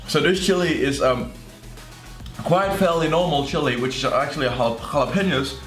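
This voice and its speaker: A young man giving casual reaction commentary as a YouTuber, joking and sarcastic with excitable outbursts. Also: on the high side, measured pace. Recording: echoey room with faint music.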